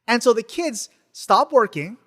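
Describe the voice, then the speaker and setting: A man with a high voice tells a story on his podcast, his pitch swinging up and down. He talks casually and animatedly, full of fillers and restarts. His voice carries a long reverb. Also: unhurried. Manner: animated, frequent "like" fillers, repeats words. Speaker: podcast host and teacher.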